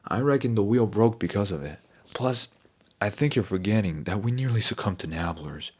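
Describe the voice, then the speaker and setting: A man voicing a seasoned knight who speaks calmly and formally. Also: on the low side, breathy edge. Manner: calm, measured, formal. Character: seasoned male knight and driver, calm and measured.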